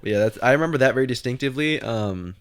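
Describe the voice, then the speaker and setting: Young guy rattling off fast, slangy podcast chat, laughs a lot. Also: mid-range voice, animated, clean tone. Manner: rambling, slangy, laughs often. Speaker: podcast co-host. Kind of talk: casual chat.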